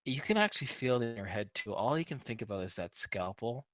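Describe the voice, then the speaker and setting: Bright-voiced male game master. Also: medium pitch, lively intonation, fast, dry recording. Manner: profane, shouts in character. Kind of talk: narrating and voicing a tabletop game.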